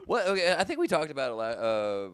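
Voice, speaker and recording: A man's voice: mid-range voice, wildly swooping pitch, quick pace, fairly bright tone, smooth, no room sound. A man co-hosting a podcast, joking and swearing in casual banter, often slipping into put-on voices. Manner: jokey, profane, slips into put-on voices. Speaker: podcast co-host.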